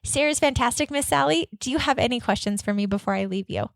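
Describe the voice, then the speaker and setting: An energetic woman coaching dental office staff on a podcast, acting out both sides of patient conversations in a lively, upbeat manner. Her voice sits a little high for a woman. The recording is dry and close, with no room sound. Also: quick pace, creaky, no room sound. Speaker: dental practice consultant and podcast host. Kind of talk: instructional podcast with role-played office dialogue.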